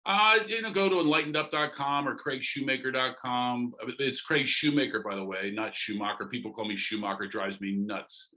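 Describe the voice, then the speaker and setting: A middle-aged man, a comedian guest on a podcast interview, joking and animated, leaping into loud comic asides. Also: medium pitch, moderate pace, few pauses, poor audio.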